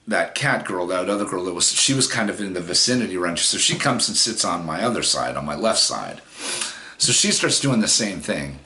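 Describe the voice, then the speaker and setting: Give me a deep-voiced man in his forties, rambling and swearing as he tells a story. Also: sharp tone. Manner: rambling, profane, many fillers. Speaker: vlogger. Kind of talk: casual storytelling.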